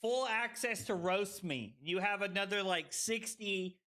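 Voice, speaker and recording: A man streaming a card game live, excitable and tipsy, swearing and bursting into yells. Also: high-pitched, measured pace, faint music behind.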